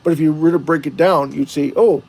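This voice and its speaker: A man's voice: fairly high pitch, fairly even intonation, fast, vocal fry, a little mellow, slightly rough. Rambling male livestream host. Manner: rambling, asks chat rhetorical questions. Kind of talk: casual livestream talk to chat viewers.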